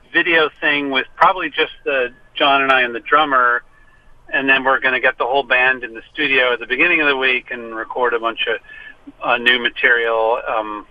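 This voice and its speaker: Wry stammering man on a muffled phone line. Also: medium pitch. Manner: stammering, wry and self-deprecating. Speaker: guest musician. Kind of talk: casual phone interview. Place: parked car. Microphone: phone call.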